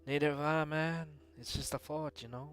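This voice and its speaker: A man's voice: a little high, steady tone, moderate pace, a bit bright, soft background music, close to an everyday voice. A man voicing a chatty teenage schoolboy with a casual put-on accent while reading a game aloud. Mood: laid-back.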